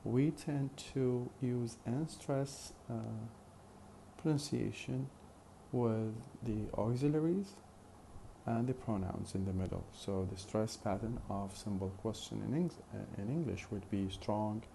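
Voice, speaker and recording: Speaking slowly and carefully, a man with a deep, gravelly, mellow voice gives a lecture on phonetics. While explaining, he repeats his example phrases and frequently pauses on "uh." Faint background hiss runs beneath the recording.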